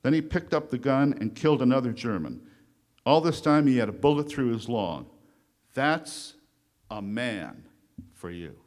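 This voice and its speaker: A man reciting the speech of a gruff, profane army general rallying his troops, booming and blustering as he declaims it. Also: animated, unhurried, a little mellow, close to an everyday voice. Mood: fierce, rousing. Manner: booming, blustering and crude, barking orders.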